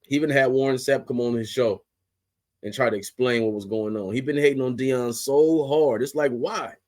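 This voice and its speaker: A young man rants as a sports podcast host, cussing freely and pushing his voice up when he gets worked up. His pitch sits in an ordinary middle range, and his delivery is blunt and heated throughout. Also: normal speed, darkish tone. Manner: heated, blunt, heavy swearing, rising to outbursts. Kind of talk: profane ranting commentary.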